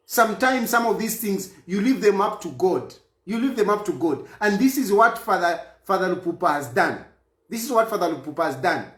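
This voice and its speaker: A man's voice: high-pitched, fairly bright tone, roomy sound. A man from Zambia giving an emphatic political statement, repeating phrases for force.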